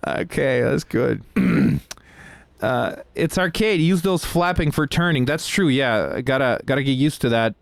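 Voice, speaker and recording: Excitable chatty man streaming a game. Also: medium pitch, measured pace, gravelly, no room sound. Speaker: stream host playing a game. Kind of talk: casual livestream chat.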